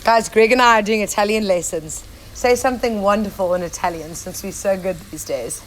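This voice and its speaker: In an echoey home kitchen with faint ambient noise, a young woman from Zimbabwe, a safari cook, runs a live cooking demonstration. Her mid-range voice is brisk as she chats casually and calls out viewers by name.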